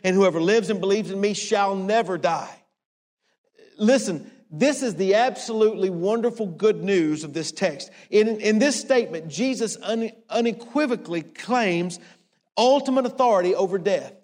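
A man preaching a sermon, emphatic and repetitive, swinging from hushed to raised. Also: high-pitched, normal speed, big-room sound. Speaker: pastor.

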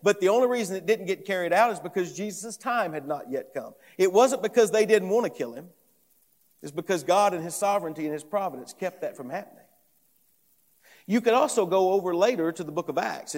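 Preaching an earnest expository sermon, this pastor speaks a little fast with a high-sitting voice and lively intonation. The sound carries the long reverb of a large hall. He builds each point emphatically, frequently circling back to repeated phrases.

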